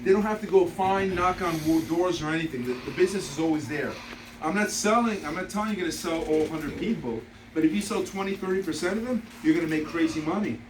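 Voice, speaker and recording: A man speaking as a seminar presenter, calling up volunteers and explaining with emphatic, energetic banter. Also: fairly high pitch, fast talker. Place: seminar room with audience. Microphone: distant from the mic. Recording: distant noisy room recording.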